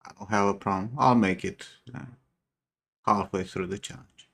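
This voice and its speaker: A man on a livestream with a somewhat low voice. He chats casually and jokes bluntly. Swear words come out freely. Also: fairly even intonation, normal speed, creaky, a bit bright. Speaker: streamer.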